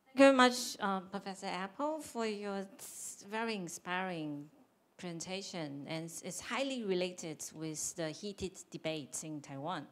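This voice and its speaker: Polite woman moderator, low-pitched. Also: unhurried. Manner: hesitant, polite, with fillers. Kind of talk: chairing a lecture Q&A.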